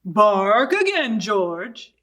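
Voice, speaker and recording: A woman voicing a gentle mother dog patiently coaxing her pup in a storybook read-aloud. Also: mid-range voice, sing-song, very slow, far from the mic, exaggerated voice.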